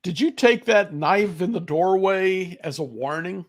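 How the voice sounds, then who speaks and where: A man hosting an interview, asking short questions and giving quick encouraging replies. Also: high voice. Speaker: podcast host.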